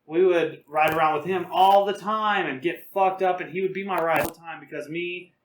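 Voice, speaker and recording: High-voiced young man telling rowdy stories. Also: moderate pace, roomy sound. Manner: profane, loose and laughing. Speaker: podcast co-host. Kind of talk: casual storytelling.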